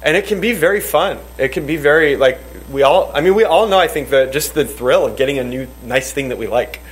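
A man's voice: a little high, expressive, a little fast, rough recording. A man leading a church Bible study. He teaches in a rambling way, restarts his sentences often and quotes scripture. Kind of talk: teaching and leading group discussion.

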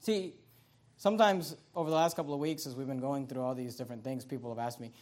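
A man's voice: medium pitch, fast, darkish tone. A man preaching a sermon as pastor, reading scripture aloud and stressing its words with emphasis. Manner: emphatic preaching with Bible quotations.

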